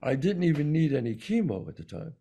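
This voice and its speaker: New york guy with a gravelly voice, co-hosting a talk show, acts out every line of his story. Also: a little high, a little fast. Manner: animated storyteller, acts out quoted dialogue. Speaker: podcast co-host. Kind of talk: storytelling in casual conversation.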